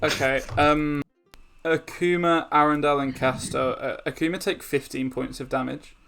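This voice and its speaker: A man running a tabletop game as game master, narrating slowly with many pauses and fillers. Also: fairly high pitch, steady tone, vocal fry, bright, forceful tone, soft background music. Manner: slow, hesitant with many fillers.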